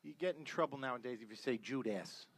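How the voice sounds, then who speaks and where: A man playing Jesus as a cheesy celebrity talk-show guest, deadpan and punning. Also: medium pitch, fast, natural voice. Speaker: comedy guest.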